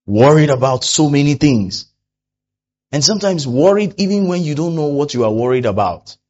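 A pastor preaching a sermon, animated, who often acts out the people he quotes. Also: on the high side, normal speed, lo-fi sound.

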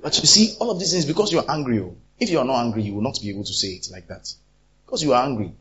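A man's voice: mid-range voice, rapid-fire, noisy background. A man preaching a sermon, acting out quarrels as he talks. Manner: animated, acts out quarrels in different voices. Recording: dull lo-fi recording.

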